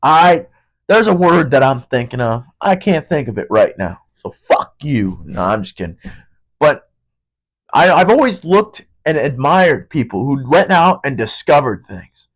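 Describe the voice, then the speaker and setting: A man's voice: mid-range voice, sing-song, a little slow, low-quality recording. A young man hosting a podcast, talking in a casual, rambling monologue that is heavy with swearing. He often hunts for words, and his voice keeps cracking. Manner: profane, rambling, searching for words. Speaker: podcast host.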